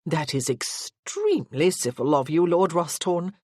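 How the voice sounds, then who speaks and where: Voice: mid-range voice, big pitch swings, measured pace, a little mellow, dry recording, studio quality. A narrator voicing an effusively polite society matron in an audiobook. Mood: gushing. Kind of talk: audiobook character voice.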